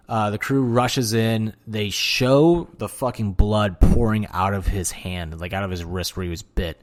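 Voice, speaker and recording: A man hosting a podcast alone, talking casually and excitedly, with lots of swearing and filler words. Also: on the low side, normal speed, few pauses. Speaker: podcast host. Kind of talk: casual solo podcast monologue.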